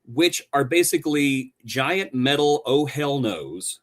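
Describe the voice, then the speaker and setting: Animated, sarcastic man on a podcast. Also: medium pitch, slow. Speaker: podcast co-host. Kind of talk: podcast review banter.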